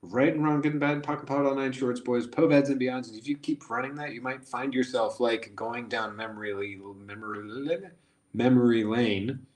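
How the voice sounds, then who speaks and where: A man's voice: mid-range voice, steady tone, moderate pace, a little mellow. A man hosting a casual guided self-help session, who talks in a playful, rambling, jokey way and repeats phrases. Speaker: host. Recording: echoey room.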